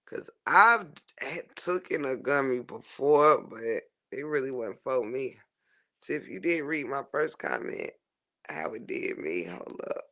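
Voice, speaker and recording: A man telling a funny story to his chat in a casual, animated way, swearing freely and laughing often. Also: mid-range voice, measured pace. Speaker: livestream host reading chat.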